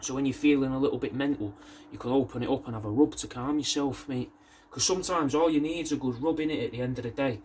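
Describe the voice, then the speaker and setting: Slangy bloke with a deadpan pitch. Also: male voice, quick pace, slight background noise. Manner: casual, slangy, keeps saying "mate", swears freely. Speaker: taxidermy artist showing his work. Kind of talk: rambling deadpan sales pitch.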